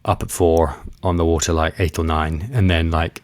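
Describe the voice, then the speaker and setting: A man with a very low voice tells expedition stories in a loose, rambling way, full of fillers and restarts. The sound is dry and close, with no room around him. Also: flat delivery, normal speed, no room sound. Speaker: guest, expedition kayaker. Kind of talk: casual interview storytelling.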